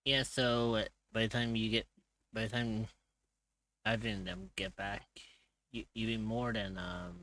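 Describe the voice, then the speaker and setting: A man's voice: fairly low pitch, unhurried, pushed and bright, rough recording. A man narrating a tabletop game as its game master, with hesitant fillers.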